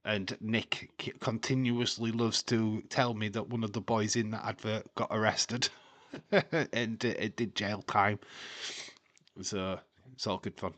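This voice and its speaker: Slow, laid-back man streaming. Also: lowish voice, fairly even intonation, fairly bright tone, no echo. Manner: laughs often, rambling with fillers and jokey tangents. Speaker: live stream watch-along host. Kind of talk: casual chat to live chat viewers.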